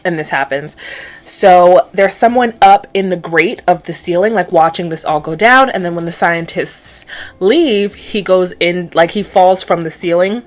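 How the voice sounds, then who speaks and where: A woman's voice: lowish voice, unhurried. Chatty, sarcastic young woman vlogger. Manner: chatty and sarcastic, lots of "like" fillers. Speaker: beauty vlogger. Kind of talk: casual episode recap while doing makeup.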